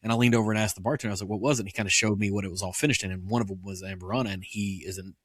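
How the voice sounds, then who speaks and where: A man hosting a relaxed podcast conversation with a lowish voice. He circles around his questions, stopping and restarting his words. The sound is close and dry. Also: rapid-fire, slightly rough, no echo. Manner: hesitant, repeats words, conversational. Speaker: podcast host. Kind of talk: casual podcast interview.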